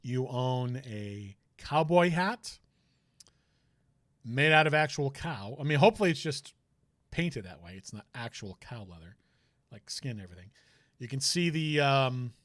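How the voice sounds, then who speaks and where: A man's voice: medium pitch, animated, a little slow, pauses often, fairly bright tone, no echo, clean studio sound. A man streaming a game, chatting casually and rambling with jokey asides. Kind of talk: casual let's-play commentary.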